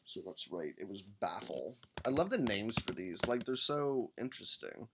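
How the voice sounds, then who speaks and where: Background noise surrounds this man's lowish voice, which swings widely in pitch at a moderate pace. As host of a live-streamed tabletop game podcast, he builds a character, reading rules aloud, humming while he checks things and rambling in relaxed conversation.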